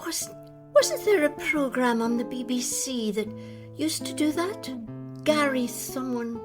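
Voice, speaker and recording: A clinic receptionist, as a woman acts her out in a homemade radio drama, with a fairly high, light voice and a conversational manner. Guitar music plays behind her. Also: animated, takes it slowly. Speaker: actor in a listener's mini radio drama.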